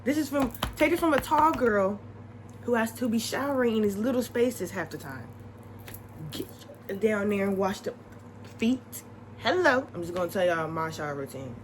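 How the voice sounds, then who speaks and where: A young woman vlogging, chatting casually to the camera with advice, animated and repeating her points for emphasis. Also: mid-range voice, moderate pace, a little hiss or hum, rough recording.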